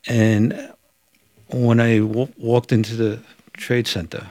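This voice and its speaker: A man who is a fire chief, recounting events in an interview in a measured, halting way. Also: mid-range voice, flat delivery, a little mellow, no echo.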